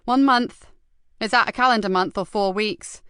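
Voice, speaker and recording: A woman performs a character voice for an audiobook: a sarcastic, defiant female detective inspector who drinks hard and speaks sardonically, rendered loud and emphatic. The mid-range voice moves at a moderate pace with a fairly bright, clear, resonant tone, close to everyday speech, in a dry studio-quality recording.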